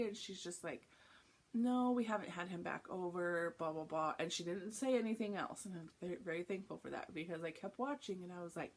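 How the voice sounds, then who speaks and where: A woman's voice: lowish voice, expressive, moderate pace, darkish tone. A young woman chatting casually on a cross-stitch vlog, rambling through a story with lots of asides. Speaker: flosstube vlogger. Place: home, early morning.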